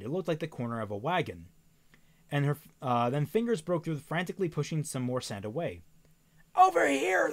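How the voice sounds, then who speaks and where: Man reading a novel aloud, animated, stumbles and self-corrects, wry comments. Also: fairly high pitch.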